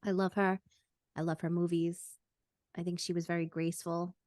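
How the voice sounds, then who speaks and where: A woman's voice: lowish voice, little pitch movement, a little mellow, dry recording. A woman co-hosting a podcast in casual chat, playful and jokey. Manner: playful, jokey, quick to laugh. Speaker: podcast co-host.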